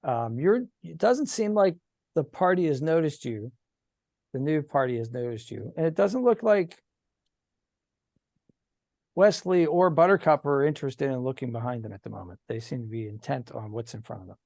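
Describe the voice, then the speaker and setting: A man's voice: medium pitch, lively intonation, moderate pace, vocal fry, darkish tone, no echo. Man as game master, video call, rambling and self-correcting, dry sound. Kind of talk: narrating a tabletop game.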